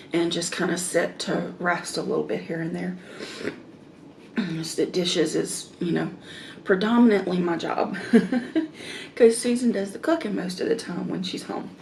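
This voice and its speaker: A woman chatting casually while eating on camera, rambling slowly with many fillers. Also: lowish voice, fairly even intonation, vocal fry, a little mellow, slight background noise. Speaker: mukbang vlogger.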